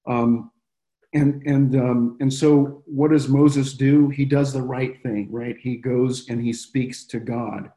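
A man preaching a casual Bible-study sermon, talking conversationally and often pausing with fillers and restarts. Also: medium pitch, steady tone, mellow, rough recording.

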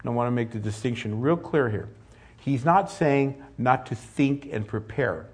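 A middle-aged man preaching from the pulpit, his voice slightly husky. He talks earnestly and steadily, then pushes up to forceful, emphatic peaks. His pitch stays in a middle range for a man. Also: a little slow. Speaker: pastor. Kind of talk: sermon.

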